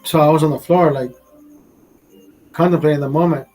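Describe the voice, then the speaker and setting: Brief: man streamer, raw emotional rant, lots of swearing, breathy rasp, soft music underneath. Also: on the high side, fairly even intonation, a little fast. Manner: rambling, heavy swearing, self-talk. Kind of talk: emotional livestream monologue.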